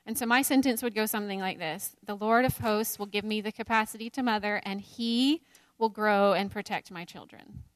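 A woman's voice: mid-range voice, moderate pace, few pauses, no echo. A woman in her thirties leading a Bible study, talking candidly about faith and motherhood and laughing often at herself. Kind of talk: teaching a women's Bible study.

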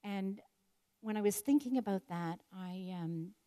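A woman's voice: medium pitch, a little slow, warm tone. An older woman telling a personal story in an earnest, reflective devotional talk. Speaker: speaker sharing a personal story.

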